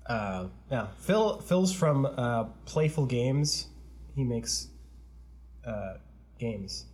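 A man hosting a podcast in casual chat, laughing often and talking in an easygoing, drawn-out way. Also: medium pitch, expressive, a little mellow. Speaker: podcast host.

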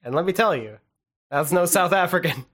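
A man's voice: high-pitched, lively intonation, normal speed, fairly bright tone, slightly rough. A man co-hosting a podcast in casual chat, dry and playfully teasing. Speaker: podcast co-host.

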